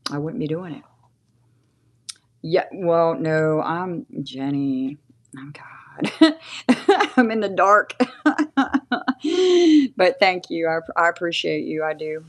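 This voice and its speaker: A woman in her forties talks through a live tarot reading in a relaxed, chatty way. Her voice sits a little low, and she laughs often and pauses to thank her viewers. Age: 40s. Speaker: tarot reader.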